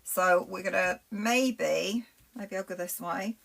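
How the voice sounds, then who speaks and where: A woman's voice: fairly low pitch, slow, creaky, a bit bright. Chatty Lancashire woman demonstrating crafts. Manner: chatty, rambling, talks to viewers while working with her hands. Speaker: craft presenter. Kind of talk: live-streamed craft demonstration.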